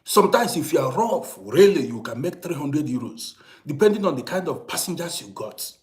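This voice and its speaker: A middle-aged man tells a story straight to his listeners in a lively, animated way. His voice has a fairly lively melody, dropping to quiet asides and then rising to loud, emphatic points. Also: on the high side, fairly quick. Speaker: storyteller host. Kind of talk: casual storytelling monologue. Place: living abroad in Germany.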